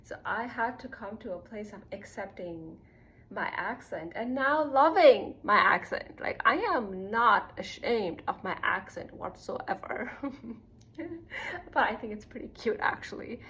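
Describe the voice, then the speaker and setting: A woman from Nepal, talking casually and reflectively about her own life, soft-spoken and given to little laughs and fillers. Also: mid-range voice, expressive, unhurried, poor audio. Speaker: speaker sharing a personal story.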